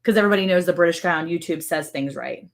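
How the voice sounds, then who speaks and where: A woman's voice: on the low side, racing, creaky. A woman from Maryland co-hosting a casual ranch livestream, talking in a playful, teasing, exclamatory way. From Maryland, USA.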